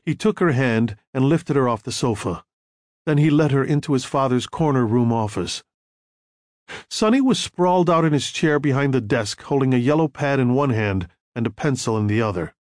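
Expressive male audiobook narrator, dry sound. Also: medium pitch, dry recording. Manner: measured storytelling with acted dialogue.

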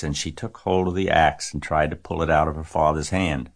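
Deep-voiced man reading a children's story. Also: fairly even intonation, normal speed, few pauses. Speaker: narrator. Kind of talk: audiobook reading of a children's novel.

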